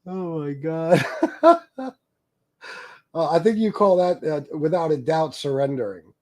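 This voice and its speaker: A man's voice: a little high, a little slow, pauses often, a little mellow, dry recording. A man hosting a livestream, commenting on a video in a casual, profane, laughing and sarcastic way. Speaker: livestream host reacting to a video.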